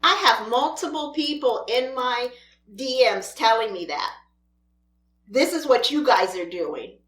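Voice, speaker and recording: A woman's voice: on the high side, lively intonation, measured pace, fairly bright tone, roomy sound. A woman mukbang vlogger ranting in an exasperated, scolding way at other creators while she eats. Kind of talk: ranting vlog while eating.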